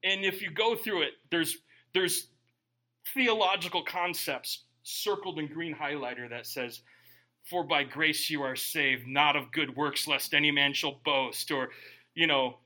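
A middle-aged man preaching a humorous sermon, joking with the congregation and swinging between quiet asides and loud bursts. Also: fairly high pitch, a little slow. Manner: animated, joking, bursts of shouting.

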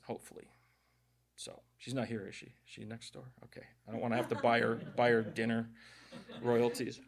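A man's voice: medium pitch, a bit bright. A middle-aged man preaching a conversational sermon to a church gathering, telling personal stories with jokes and speaking directly to the congregation. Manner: jokey storytelling, addresses the congregation directly.

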